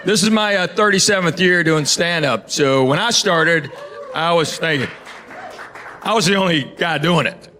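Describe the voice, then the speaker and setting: A middle-aged man with a Southern US accent doing a stand-up set, telling stories in a drawling, deadpan way and acting out dialogue. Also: fairly high pitch, moderate pace. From Tennessee, US South. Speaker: stand-up comedian. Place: large theater stage before a live audience. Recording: echoey live room, loud crowd laughter.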